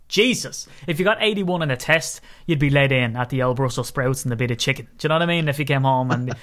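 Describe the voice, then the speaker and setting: Male co-host, lively and jokey, fairly high voice, casual sports chat. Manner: animated, joking, exaggerating with rising pitch. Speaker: podcast co-host.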